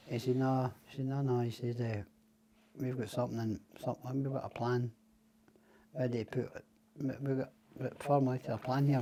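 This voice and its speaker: Give me a middle-aged Scottish man with a mid-pitched voice, telling long, profane stories as a guest on a podcast. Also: a bit bright. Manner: profane, rambling, quotes others in dialogue. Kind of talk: casual storytelling.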